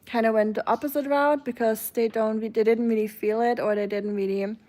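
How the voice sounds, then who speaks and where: A woman's voice: fairly high pitch, fairly even intonation, fairly quick, dark tone. A woman from Germany with a German accent, chatting casually on a live stream and answering her chat's comments.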